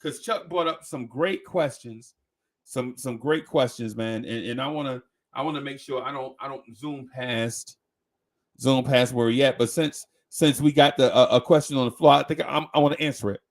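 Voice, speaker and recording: Gravelly man rambling on a live show. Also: mid-range voice, moderate pace. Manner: rambling, repeats words, restarts often; slangy, conversational, asks "right?". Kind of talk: casual live chat.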